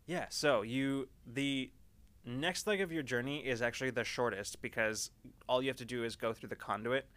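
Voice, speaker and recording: A man narrating a tabletop game as game master in a relaxed, descriptive way. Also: medium pitch, normal speed.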